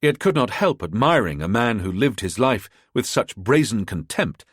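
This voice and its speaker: A man narrating a spy thriller audiobook in a measured storytelling manner, close to the mic. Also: fairly low pitch, big pitch swings, breathy edge, dry recording. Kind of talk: scripted narration.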